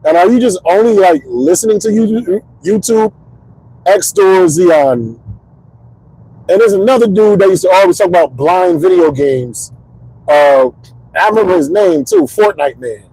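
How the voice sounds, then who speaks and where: Man, 30s, comedian host, casual rambling monologue, gravelly husky voice, very lively pitch. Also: measured pace, no room sound, low-quality recording. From Connecticut, US. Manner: rambling, animated storytelling. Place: parked car.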